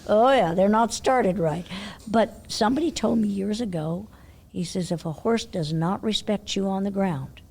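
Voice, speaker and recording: An older woman telling horse-show stories in a casual interview, animated, laughing often and dropping to a hush when she quotes herself. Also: mid-range voice, normal speed, vocal fry, slightly rough. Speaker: interview guest, horse trainer.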